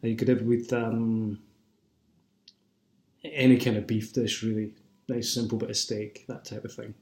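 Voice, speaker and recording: A man's voice: lowish voice, flat delivery, moderate pace, a little mellow. A man with a Scottish accent talks casually at home as a wine and film vlogger, rambling with many fillers and restarts. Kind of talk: casual chat. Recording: roomy echo.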